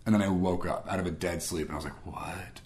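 A man from Guam tells his own story at a brisk, rapid clip, his voice sitting fairly low. He talks casually, leans on "like" and "I was like", and slips into quoted dialogue as he goes. The delivery is personal storytelling rather than a script. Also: fairly even intonation, darkish tone, slight background noise. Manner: conversational, acts out quoted dialogue, frequent "like" and "I was like". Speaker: speaker sharing a personal testimony.

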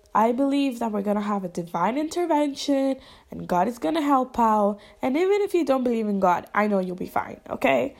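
A woman's voice: medium pitch, vocal fry, darkish tone. A young woman hosting her own podcast, talking earnestly and encouragingly straight to her listeners in a casual solo chat. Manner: says she talks fast and runs out of breath. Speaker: podcast host.

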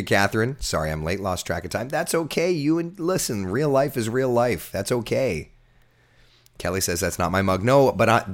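A TV meteorologist with a deep voice, still hoarse as it recovers, hosts a live chat. He's loose and jokey, reading viewer comments in a casual livestream.

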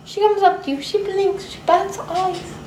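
Very high giggly lady, brash, echoey room. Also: steady tone, a little slow, a little mellow. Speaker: player. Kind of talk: tabletop role-play with friends. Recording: echoey room, faint noise.

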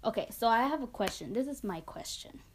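A woman's voice: a little high, lively intonation, fairly quick, slight background noise. An eighteen-year-old woman hosting a podcast, talking casually in a chatty, sarcastic way. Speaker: podcast host.

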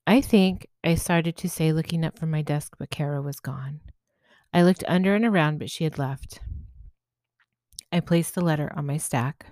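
A woman with a low voice narrates her story calmly and gently. The recording is dry and close, with almost no room sound. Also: normal speed, no room sound. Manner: calm, gentle. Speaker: spiritual medium and podcast host. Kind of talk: first-person story narration.

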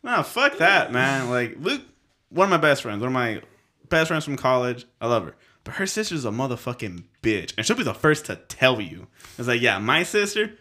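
Speaking at a normal pace in a mid-range voice, this podcast co-host tells stories in loose, casual chat. He's animated, laughs frequently, and swears with plenty of energy.

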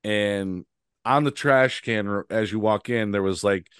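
A man hosts a podcast in easy, casual chat. He rambles through a funny road story, laughing as he goes and starting sentences over. His voice is smooth and resonant, and the recording is dry and close. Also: lowish voice, measured pace, a bit bright, no room sound. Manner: rambling storyteller, laughs often, many restarts. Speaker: podcast host.

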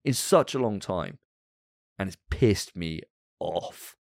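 A man's voice: deep voice, animated, slow pace, vocal fry, pauses often, no room sound, clean studio sound. A man co-hosting a casual gaming podcast, ranting with plenty of swearing. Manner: profane, fired-up ranting. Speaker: podcast co-host.

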